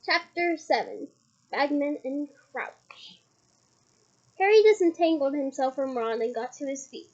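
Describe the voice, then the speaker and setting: A woman's voice: high-pitched, lively intonation, fairly quick, hardly any pauses, darkish tone, muffled recording. A woman from Scotland reading a novel aloud chapter by chapter, with chatty asides between passages. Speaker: book reader.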